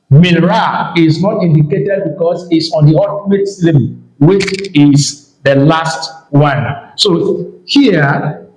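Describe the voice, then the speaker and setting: Slow, high-voiced male Hebrew teacher. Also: darkish tone, roomy sound, poor audio. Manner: slow, repeats key terms and tells the learner to take note. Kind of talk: recorded grammar lesson.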